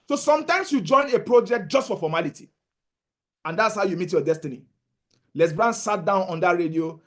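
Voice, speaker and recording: A man's voice: sits high, lively intonation, brisk. A man giving a motivational talk as a trading mentor, telling stories and acting out the dialogue, often repeating himself.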